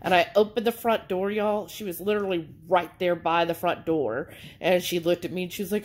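A woman vlogger chatting casually to camera in an animated, storytelling way. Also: on the low side, brisk, hardly any pauses, rough recording.

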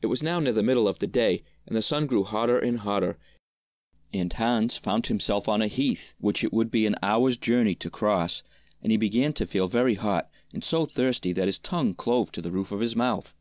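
Man, fairy-tale storyteller, measured reading, dry close sound. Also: lowish voice, no room sound. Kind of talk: fairy-tale read-aloud.

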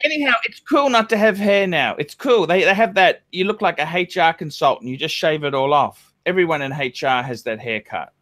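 High-pitched man ranting angrily. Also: animated, fairly quick, few pauses, a bit bright. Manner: angry, swearing ranting. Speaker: live stream host. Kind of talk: casual live-stream chat.

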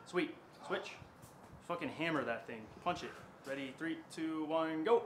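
A man's voice: fairly high pitch, measured pace. A man coaching a lifter in a gym, counting reps aloud and swearing to push him on. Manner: loud counting and swearing encouragement. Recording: echoey gym with faint noise.

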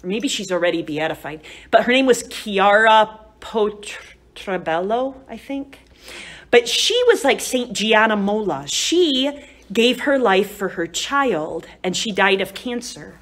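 A woman's voice: medium pitch, lively intonation, measured pace, a bit bright. A woman giving a live retreat talk to a group, telling stories in a chatty, conversational way and often asking "right?" and "you know?". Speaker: retreat speaker.

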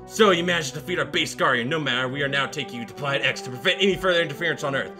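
A man putting on a lowered, mock-solemn alien villain. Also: racing, bright, forceful tone, faint music behind. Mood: mock-menacing.

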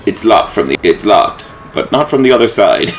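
A man's voice: lowish voice, very animated, moderate pace, over music. A man co-hosting a casual game playthrough, making sarcastic remarks and laughing often. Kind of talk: casual let's-play commentary.

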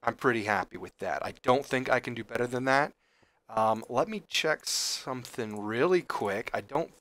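A man hosting a gaming channel, chatting casually as he plays, excitable and chatty, often exclaiming. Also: medium pitch. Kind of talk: casual game commentary.

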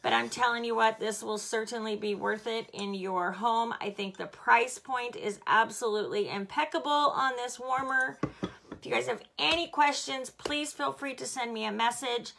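A chatty, bubbly woman giving a live product demo, slightly hoarse from hollering and laughing often. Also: on the high side, normal speed, pushed and bright, a little hiss or hum. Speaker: home fragrance seller.

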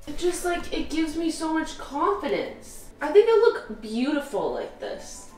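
A playful woman in her thirties chatting in a comedic home vlog, her voice fairly high and bouncing all over with animated pitch. The room is echoey, with faint music underneath. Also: unhurried. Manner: playful, silly, says "like" a lot. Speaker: vlogger host. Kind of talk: casual comedic vlog chat.

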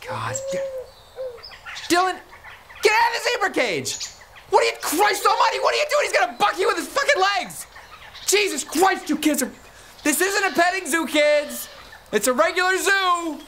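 A man comedian doing quick character bits, yelling frantically at kids. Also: very high voice, lively intonation, slight background noise. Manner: shifts from quiet interviewer to frantic yelling.

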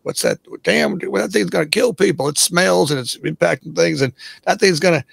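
Guy doing a southern stagecoach driver freaking out, pitched up, gravelly drawl. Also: brisk, a bit bright, no room sound, exaggerated voice. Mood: alarmed. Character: old-time male stagecoach driver, rough and alarmed.

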